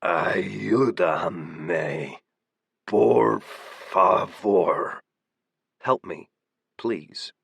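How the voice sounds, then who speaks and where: A man giving steady, measured audiobook narration. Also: lowish voice, no room sound.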